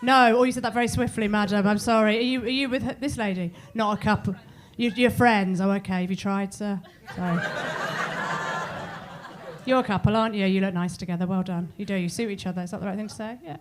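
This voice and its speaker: A woman's voice: medium pitch, fairly even intonation, fast talker. A middle-aged woman with a southern English accent doing bawdy stand-up crowd work in a comedy club, with cheeky apologetic asides. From southern England. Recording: live club recording with audience laughter.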